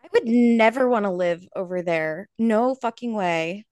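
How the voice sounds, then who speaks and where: A woman's voice: mid-range voice, measured pace, darkish tone, no room sound, clean studio sound. A woman co-hosting a podcast in casual chat, reacting expressively and swearing. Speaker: podcast co-host.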